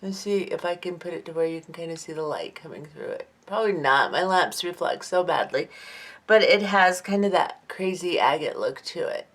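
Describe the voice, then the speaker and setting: On the low side and a bit bright, a woman's voice moves at a moderate pace. As a jewelry-making vlogger, she unboxes craft beads at a lamp-lit home craft table, casually reading each item aloud and admiring it.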